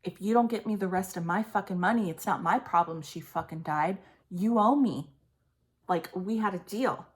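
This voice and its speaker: A woman's voice: medium pitch, moderate pace, lightly acted. A woman acting out an angry, greedy mother who curses and snarls threats. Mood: threatening.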